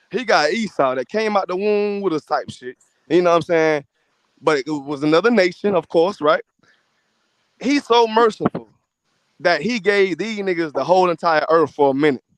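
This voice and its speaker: A high-voiced man holds forth on faith in blunt, cursing street talk. He sounds emphatic and unpolished, recorded close and dry. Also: animated, a little fast, dry recording. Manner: profane, emphatic preaching about faith. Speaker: podcast host. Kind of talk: casual chat.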